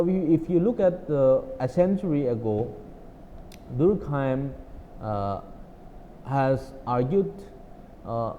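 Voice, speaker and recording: Slow, halting male lecturer. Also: medium pitch, mellow. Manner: halting, many fillers and restarts, stresses each "now". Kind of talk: university lecture. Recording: dull lecture recording with reverb and faint hiss.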